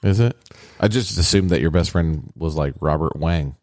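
A man's voice: extremely low pitch, normal speed, a little mellow, no echo. A man co-hosting a podcast in casual banter, teasing with dry wordplay. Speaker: podcast co-host.

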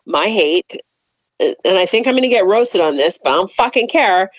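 A woman's voice: medium pitch, expressive, moderate pace, no echo. A woman co-hosting a podcast, venting bluntly with lots of swearing in casual chat, recorded with dry, slightly dull audio. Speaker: podcast co-host.

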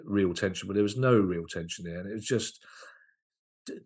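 A man's voice: deep voice, darkish tone, slightly rough. A man, a guest comedian, chatting casually on a podcast and telling anecdotes, often stopping and restarting mid-sentence. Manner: anecdotal, halting with frequent restarts.

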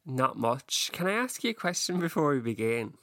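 A man's voice: mid-range voice, big pitch swings, moderate pace, gravelly, pushed and bright, dry recording. A man co-hosting a podcast, chatting casually with dry, teasing humor. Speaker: podcast co-host. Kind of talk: casual chat.

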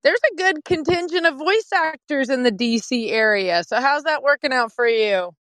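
Woman, panel host, upbeat, laughs easily, fairly high voice, dry sound. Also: animated, moderate pace, fairly bright tone, dry recording. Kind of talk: moderating a panel over video call. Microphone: video call.

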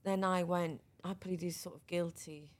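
A middle-aged woman guest telling her own story in a podcast interview, frank and lively, often restarting her sentences. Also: lowish voice, measured pace.

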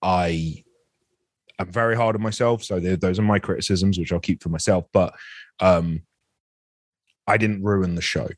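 A man's voice: deep voice, steady tone, dry recording, studio quality. A man in his forties, an actor guest speaking candidly in an interview, often restarting his sentences. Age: 40s. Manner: candid, halting, with many restarts.

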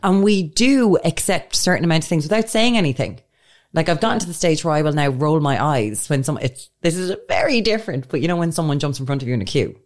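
A woman's voice: sits low, animated, quick pace. An Irish woman co-hosting a podcast, chatting casually and retelling stories with dramatic flair. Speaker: podcast co-host. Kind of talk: casual chat.

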